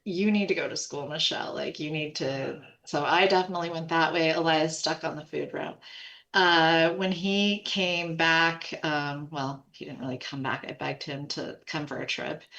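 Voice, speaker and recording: Guest spot: American woman in her forties, low voice, chatty storyteller who acts out quotes. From United States. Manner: animated, quotes others in quick asides, laughs often. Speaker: podcast guest, food company co-founder. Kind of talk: casual storytelling.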